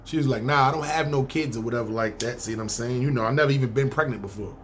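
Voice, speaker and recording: A man's voice: mid-range voice, fast, a bit bright, slight background noise. A man in his thirties with a New York accent, telling a story from his life in a casual, profane podcast style full of street slang. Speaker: podcast host.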